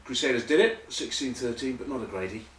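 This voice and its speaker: A man's voice: medium pitch, expressive, a little fast, a bit bright, far from the mic, a little hiss or hum. A man hosting a comic rugby news monologue, rambling with jokey asides. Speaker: host. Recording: echoey room, voice off-mic.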